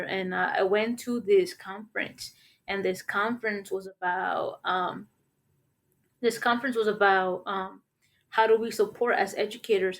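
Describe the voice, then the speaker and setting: Rambling woman telling a long story. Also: mid-range voice. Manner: rambling storytelling, heavy with fillers. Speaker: podcast co-host and middle school math teacher. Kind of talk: casual podcast discussion.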